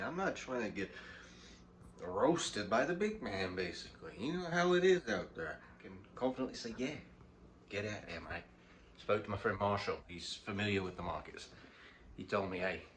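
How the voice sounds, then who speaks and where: Male comic vlogger, slangy and rambling, lowish voice, light background hiss. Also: a bit bright. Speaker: comedy vlogger. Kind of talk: joking monologue to camera.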